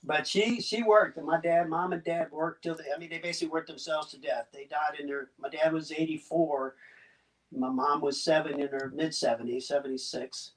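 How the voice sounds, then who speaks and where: A Cuban-born man in his sixties with a slight Southern US accent, telling his story as a guest in a casual interview, halting and chuckling as he goes. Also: a little high, fairly even intonation. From Cuba. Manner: halting, chuckling, many restarts. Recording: distant mic.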